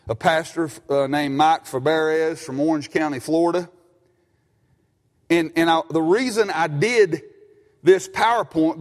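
A high-voiced man preaches in a church with a folksy, animated delivery, often restarting his sentences. The sound carries a long reverb from the hall around him. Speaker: pastor. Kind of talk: sermon. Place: church sanctuary.

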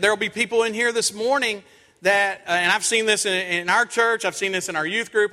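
A middle-aged man preaching a sermon in a church, an animated storyteller who acts out his own lines in stories. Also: high voice. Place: church sanctuary. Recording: long church hall reverb.

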